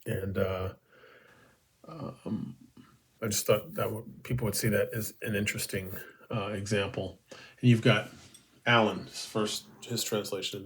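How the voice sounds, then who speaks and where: Slow, low-voiced man musing on poems. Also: fairly even intonation, a bit bright. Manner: unhurried, many ums and uhs, thinking aloud. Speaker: haiku teacher and host. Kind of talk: relaxed spoken lesson.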